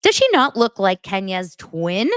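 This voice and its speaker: Animated woman host with a sarcastic edge. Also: mid-range voice, measured pace, clean tone, no room sound, studio quality. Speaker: podcast host. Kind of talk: casual reality-TV gossip recap.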